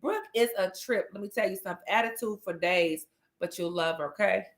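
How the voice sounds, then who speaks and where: A woman's voice: medium pitch, fairly quick. A woman hosting a casual morning livestream, chatty and laughing often as she greets viewers by name. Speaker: livestream host.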